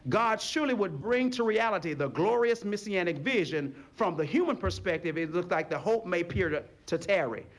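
High-set and fairly fast, his delivery leaves hardly any pauses. The male pastor animates his church sermon by voicing characters in short scenes and leading the congregation in call-and-response.

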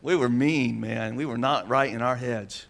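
A male pastor preaching a sermon in a folksy, animated way, joking with the congregation. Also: mid-range voice, normal speed, vocal fry.

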